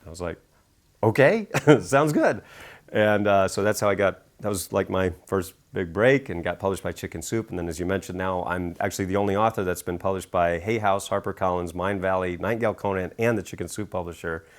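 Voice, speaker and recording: A man's voice: steady tone, fast, few pauses. A middle-aged man, an author and speaker, telling stories in an interview with enthusiasm and acting out quotes. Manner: enthusiastic, acts out quotes with big pitch jumps. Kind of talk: animated storytelling interview.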